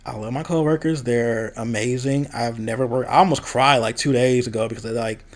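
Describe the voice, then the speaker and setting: A man's voice: medium pitch, fairly even intonation, fairly quick. A young man from the American Midwest, talking candidly in a casual vlog and venting about a past job. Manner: candid, venting, quoting others in a raised voice. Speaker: vlogger.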